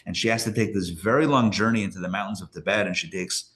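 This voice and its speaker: A man, a rabbi, teaching a live class to an audience in a lively way, often checking in with listeners and repeating phrases for emphasis. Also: sits low, fast.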